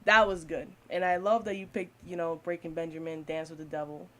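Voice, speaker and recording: A woman's voice: sits low, steady tone, fairly quick, pushed and bright. A woman giving a casual, blunt spoken film review, swearing freely and laughing often.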